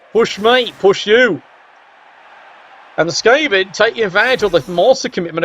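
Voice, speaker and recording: A man's voice: high voice, lo-fi sound. Wry man commentating a match. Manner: wry, sarcastic, excitable. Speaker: game commentator. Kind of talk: casual play-by-play commentary.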